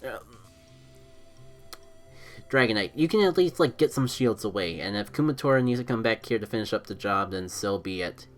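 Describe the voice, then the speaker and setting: A man streaming a mobile game, giving live commentary as he thinks out loud about his moves and is quick to blame himself. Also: lowish voice, soft background music. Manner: excitable, thinks aloud, self-critical.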